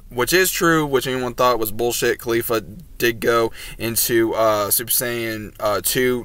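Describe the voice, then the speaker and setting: Guy doing a loose rambling episode recap, lots of uhs, clear smooth voice, mid pitch. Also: a bit bright, no room sound. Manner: rambling retelling with fillers and restarts. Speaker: anime reviewer.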